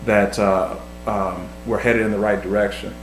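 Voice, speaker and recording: A man's voice: lowish voice, flat delivery, moderate pace. A man in his thirties, earnest and reflective, giving marriage advice in casual talk, often repeating words as he thinks. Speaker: vlog host, husband. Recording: echoey room, faint hum.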